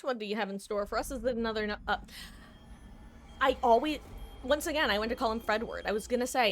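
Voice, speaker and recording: A woman's voice: on the high side, fast, a little hiss or hum. Chatty self-mocking woman streamer. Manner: chatty, thinking aloud, self-deprecating asides. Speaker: game streamer. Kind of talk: casual gameplay commentary.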